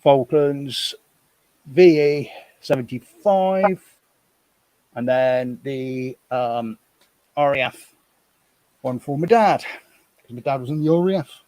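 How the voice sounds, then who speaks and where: A man's voice: medium pitch, slow, long pauses, a little mellow. A man talks on a live stream from home. He rambles in a chatty way and thinks aloud as he goes through his things. His mid-range voice sounds dry and close, with no room echo. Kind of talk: casual live-stream chat.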